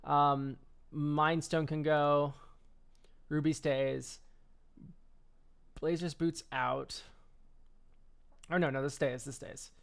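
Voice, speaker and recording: A man's voice: fairly high pitch, little pitch movement, extremely slow, vocal fry, pauses often, fairly bright tone, clear, resonant tone. A man streaming a casual card-game deck review, rambling and offhand, swearing and laughing easily.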